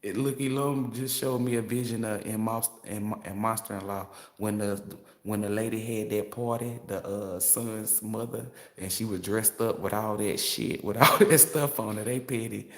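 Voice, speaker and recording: A tarot reader on a casual livestream rants in a brash, profane way, laughing often. His voice sits on the low side with a steady tone at normal speed, and the roomy space gives it an echo.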